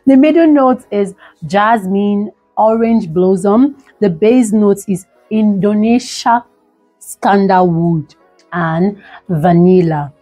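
A young Nigerian beauty vlogger sits indoors by a window reviewing a product, speaking slowly in a mellow, mid-range voice. She is dramatic and gushing, repeating her pleas again and again, over soft background music in poor audio.

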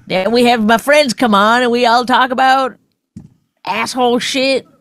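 A woman's voice: a little high, steady tone, measured pace, fairly bright tone. A woman with a Canadian accent co-hosting a podcast in casual chat, pressing her point with pointed, probing questions. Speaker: podcast co-host.

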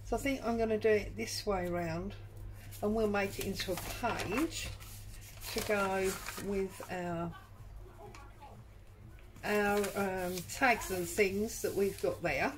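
A woman talks through a crafting project at an unhurried pace, musing aloud and adding little asides as she goes. Her voice sits at a middling pitch. Faint ambient noise hums under her speech. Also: steady tone. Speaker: junk journal crafter and channel host. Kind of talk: crafting tutorial chat. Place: home craft room.

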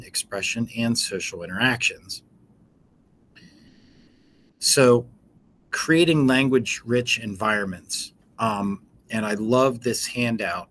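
Low-voiced man teaching with frequent ums. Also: a little hiss or hum. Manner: relaxed, explanatory, frequent ums. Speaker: educator. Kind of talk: informal teaching talk.

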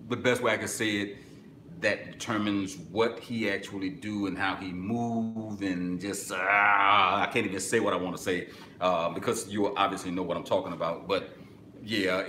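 A man with a low voice hosts a live stream, chatting casually with viewers. He swings from easy, laid-back talk into sudden excited bursts. His voice rings in an echoey room over faint background noise. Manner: excitable bursts, then drops low and relaxed. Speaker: webinar host answering live chat.

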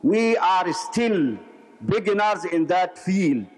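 A man, an audience member giving remarks after a lecture, speaking hesitantly with many pauses. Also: high-pitched, lively intonation. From Egypt. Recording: echoey hall.

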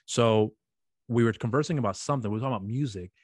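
Fast-talking man in his thirties. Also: mid-range voice, slightly rough, no room sound, studio quality. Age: 30s. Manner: rambling, many restarts, cheerful storytelling. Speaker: podcast host. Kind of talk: casual interview chat.

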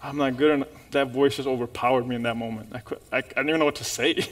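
A man is preaching a sermon in church, telling a story in an animated way and calling out to the congregation. His medium-pitched voice comes rapid-fire.

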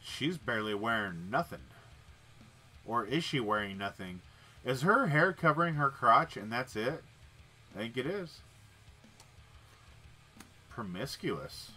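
A man's voice: mid-range voice, lively intonation, normal speed, pushed and bright, soft background music. A man hosting a livestream, casually chatting and reading card text aloud with wry, muttered asides. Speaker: livestream host opening card packs. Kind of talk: casual chat while reading cards aloud.

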